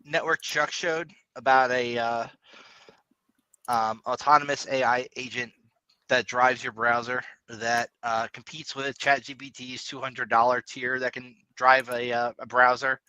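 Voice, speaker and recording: A man co-hosting a casual tech podcast, talking in long, animated rambles and laughing often. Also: medium pitch, measured pace, clear, resonant tone, dry recording, muffled recording. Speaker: podcast co-host.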